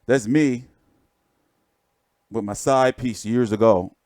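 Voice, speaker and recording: A man with a mid-range, slightly mellow voice speaks slowly, and there's no echo. He hosts a boxing livestream as the channel's host, chatting casually, rambling through pictures he shows, and cracking profane jokes.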